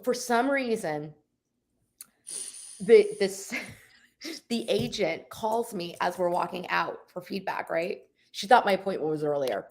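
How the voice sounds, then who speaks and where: A woman's voice: lowish voice, measured pace, vocal fry. A woman in her forties, a realtor co-hosting a podcast, telling a story in casual chat and calling out to listeners. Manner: animated, addresses listeners as "people". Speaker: podcast co-host.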